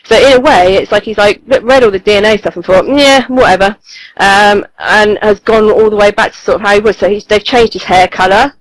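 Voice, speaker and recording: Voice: medium pitch, fairly even intonation, a little fast, hardly any pauses, dry recording, low-quality recording. A podcast co-host, chatting casually and eagerly, with many ums and restarts. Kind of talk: casual chat reviewing comics.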